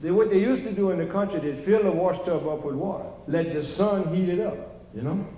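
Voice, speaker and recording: A man's voice: sits high, fairly quick, warm tone, slight background noise. An older man with a Cajun Louisiana accent telling jokes in a rambling, folksy way to a live theater audience. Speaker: stand-up storyteller. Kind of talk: live stand-up comedy. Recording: roomy, distant, dull audience recording.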